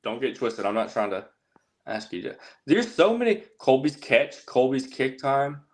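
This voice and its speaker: A man with a lively, animated voice that swings widely in pitch, chatting as a livestream guest. He rambles and jokes, stopping to correct himself mid-sentence. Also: normal speed. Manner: rambling, self-correcting, joking. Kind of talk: casual chat.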